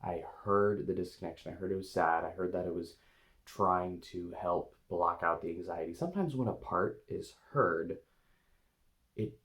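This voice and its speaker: Soft-spoken, creaky low-voiced man. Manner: hesitant and gentle, with many pauses and fillers; talks softly to an inner part with his eyes closed. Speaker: eating coach and video host. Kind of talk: demonstrating a guided meditation to camera.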